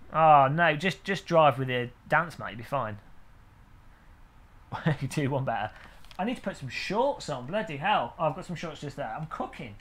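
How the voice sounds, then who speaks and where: This sim racing streamer's voice leans high and a little bright. He keeps up jokey live commentary while racing, calling out the names of viewers in his chat.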